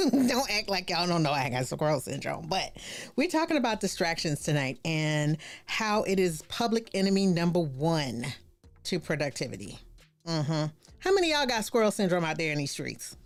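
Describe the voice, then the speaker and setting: A woman's voice: deep voice, a little mellow, no echo. Bubbly woman hosting a live stream. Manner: bubbly, exclamatory, slangy, laughs often. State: tired after an all-nighter. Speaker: host. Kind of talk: casual live-stream chat.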